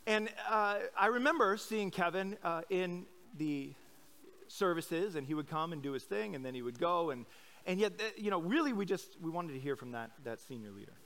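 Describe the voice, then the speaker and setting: A man's voice: high voice, expressive, moderate pace, fairly bright tone. A middle-aged man from Iowa giving a conversational sermon as a pastor, telling stories candidly with lots of fillers and restarts. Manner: chatty storytelling with many likes and restarts; candid, self-deprecating. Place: church service.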